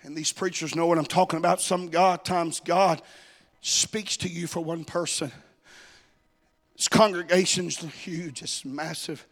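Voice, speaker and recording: A man preaching a sermon, shifting from hushed, confiding storytelling to impassioned, chanting calls to his congregation. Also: on the high side, fairly even intonation, measured pace.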